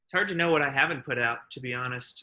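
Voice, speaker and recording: Bright-voiced man searching for words. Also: medium pitch, rapid-fire. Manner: hesitant, searching for words, many restarts. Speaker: guest. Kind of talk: casual conversation.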